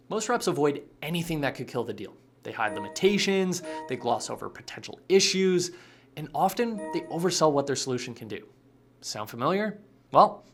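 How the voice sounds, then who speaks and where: A man giving scripted sales coaching narration with a punchy, emphatic delivery. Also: on the high side. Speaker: sales trainer.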